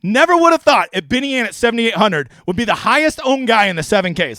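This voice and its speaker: A man's voice: very high voice, sing-song, quick pace, hardly any pauses, a bit bright, no room sound, studio quality. A man hosting a fantasy sports live stream, talking in a brash, profane, rambling way. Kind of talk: casual live stream commentary.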